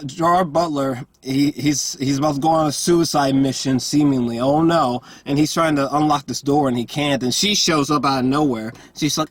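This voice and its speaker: A man with a fairly high, husky voice rants through a casual movie review. He sounds exasperated and swears freely. He stumbles over his words with lots of fillers and restarts. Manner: exasperated, profane, rambling with many fillers and restarts.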